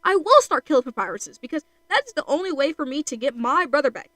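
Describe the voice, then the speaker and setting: A woman's voice: medium pitch, fairly quick, a bit bright, dry recording, natural voice. A woman voicing a grieving, obsessive male skeleton who swings between stammering pleas and furious outbursts.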